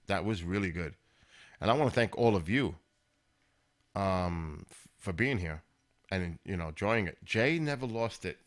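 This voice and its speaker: A man hosting his own live stream, chatting casually and rambling as he talks straight to viewers in chat. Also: on the low side.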